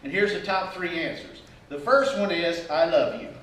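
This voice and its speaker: High-voiced pastor preaching in an echoey hall. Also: male voice, moderate pace. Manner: animated, acts out quoted attitudes with humor. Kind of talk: sermon. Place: church sanctuary. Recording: echoey church hall from far off.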